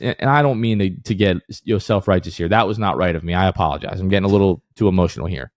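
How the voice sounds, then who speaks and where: A man's voice: fairly low pitch, big pitch swings, quick pace, hardly any pauses, no echo, studio quality. A man co-hosting a casual sports podcast who rants with heat, then apologizes for it half in jest. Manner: heated, ranting, then mock apologetic. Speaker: podcast co-host.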